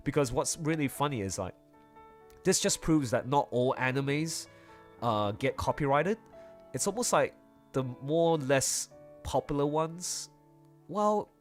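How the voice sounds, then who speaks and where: A man talking casually on a livestream while drawing, rambling and chatty. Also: medium pitch. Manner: rambling and chatty, full of fillers and asides. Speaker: artist streaming while drawing.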